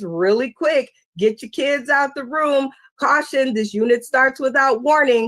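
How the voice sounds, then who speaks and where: A woman hosting a virtual comedy show over a video call, hyping up the crowd and bringing on the acts. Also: high voice. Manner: hyped, animated hosting. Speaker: host.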